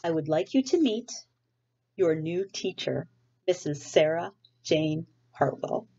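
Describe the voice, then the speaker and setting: A woman's voice: sits low, expressive, slow pace, warm tone, highs cut off, heavily acted. A woman voicing a gushing, bustling woman school principal, read aloud from a storybook. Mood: formal. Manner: gushing, bossy.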